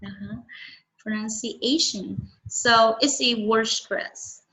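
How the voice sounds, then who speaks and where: A woman's voice: a little high, slow pace, a bit bright, rough recording. A woman whose first language is Vietnamese, teaching English one-on-one and explaining patiently with frequent checking questions.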